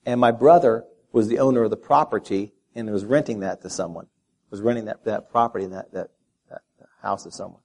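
Male pastor, middle-aged, from Texas; animated storyteller at the pulpit, lots of restarts. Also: fairly low pitch, brisk. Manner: animated storyteller, repeats words while speaking. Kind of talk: sermon with personal story.

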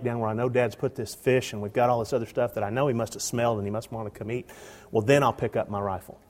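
A middle-aged man telling a hunting story live to an audience, animated, with frequent halting restarts. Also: mid-range voice. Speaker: storyteller guest.

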